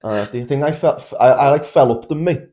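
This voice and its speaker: Brief: brisk Scouse lad, casual banter, mid-pitch. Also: male voice, mellow. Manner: chipping in, short replies. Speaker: podcast co-host. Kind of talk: casual chat.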